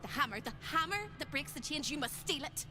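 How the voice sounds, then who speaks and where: A haunted ghostly woman, played by an actress, speaks in a fragile, whispery plea, her voice sitting a little high. Her words come cryptic and pleading. Game music plays clearly behind her. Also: fairly quick, natural voice. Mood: urgent. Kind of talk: video game voice acting.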